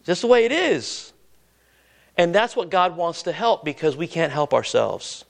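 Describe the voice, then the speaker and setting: A man preaching a sermon, asking his congregation questions and waiting for their answers, slowing down on key words and dropping low and quiet to stress a point. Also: vocal fry. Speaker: pastor.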